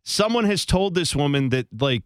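A man co-hosting a radio talk show, arguing his point in a rambling way with halting restarts. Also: on the high side, lively intonation, clear, resonant tone, no room sound, clean studio sound. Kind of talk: casual banter.

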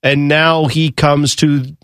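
A man's voice: a little high, flat delivery, slow pace, a bit bright, clean tone, dry recording, clean studio sound. A man co-hosting a sports radio show, talking casually and musing about the game. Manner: conversational, musing.

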